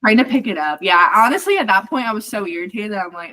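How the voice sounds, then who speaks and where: A woman's voice: mid-range voice, animated, fast, hardly any pauses, bright, forceful tone, poor audio. Chatty young woman telling stories. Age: young adult. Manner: rambling storytelling with many fillers. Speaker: podcast co-host. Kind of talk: casual chat.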